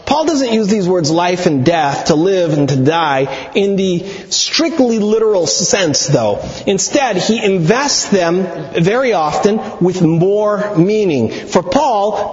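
A man preaching a sermon, teaching deliberately, quoting scripture and slowing down on key words. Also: high-pitched. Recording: echoey hall, dull sound.

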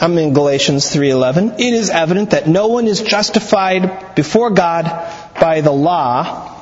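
A man preaching a sermon, teaching deliberately, quoting scripture and slowing down on key words. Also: high-pitched. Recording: echoey hall, dull sound.

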